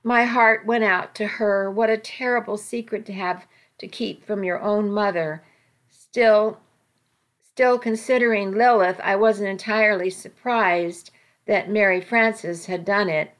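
A woman narrating a novel in the first person, with a gentle, deliberate reading. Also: medium pitch, fairly even intonation. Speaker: audiobook narrator.

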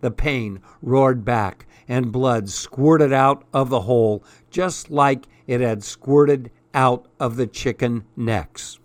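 A man reads a first-person story aloud in a measured, expressive narrating voice. He takes a slow, unhurried pace, and his voice sits at a middle pitch. The recording is close and dry, with no room sound. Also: no echo. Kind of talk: audiobook narration.

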